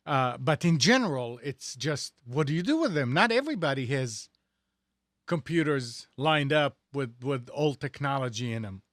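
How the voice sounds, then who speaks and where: A man's voice: mid-range voice, expressive, normal speed, fairly bright tone, no echo. A man co-hosting a tech talk show, speaking casually in a rambling, sarcastic way with many restarts. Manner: rambling, sarcastic, self-correcting. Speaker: radio show host.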